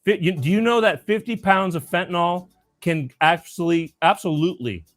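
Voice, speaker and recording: A man's voice: high-pitched, normal speed, faint music behind. A man hosting a casual talk show, rambling through stories with lots of restarts. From Florida. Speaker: host. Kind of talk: casual chat.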